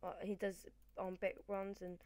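With an unhurried, level delivery and a slightly mellow mid-range voice, a British gaming channel host chats her way through gameplay. She rambles casually and keeps correcting herself partway through sentences.

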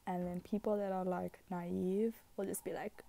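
A woman's voice: lowish voice, little pitch movement, normal speed, gravelly, dark tone. A woman giving a casual, rambling astrology talk, giggly and chatty, who swears freely and slips into whispered asides. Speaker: astrology vlogger.

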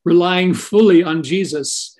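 An older man talks through anecdotes as a podcast guest, earnest and unhurried, with a voice sitting a touch higher than most men's. He keeps tagging his points with little questions to his listener. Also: darkish tone. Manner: earnest anecdotal storyteller with frequent "right?" tag questions. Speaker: podcast guest, Christian minister. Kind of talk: storytelling interview.

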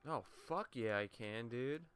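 A young let's play gamer talks through his game casually, cursing and poking fun at himself while sniffling with a runny nose. His medium-pitched voice is expressive, a little slow and a bit bright, with faint music behind him.

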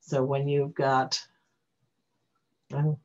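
A reading teacher walking through phonics rules during a screen-recorded software tutorial, thinking aloud and correcting themself along the way. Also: medium pitch, completely flat delivery, very slow. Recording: dull lo-fi recording.

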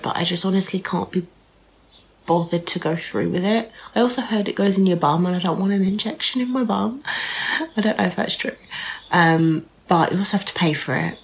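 Low, gravelly, nasal British woman. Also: a little hiss or hum, rough recording. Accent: British English. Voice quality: nasal, blocked nose. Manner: frank and rambling, swears, many ums. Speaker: vlogger. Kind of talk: casual chat to camera.

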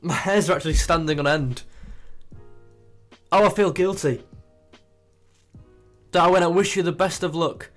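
A young man chatting casually as he plays a football management game, thinking aloud and getting excited. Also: a little high, unhurried, long pauses, soft background music. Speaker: gaming YouTuber. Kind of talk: casual gameplay commentary.

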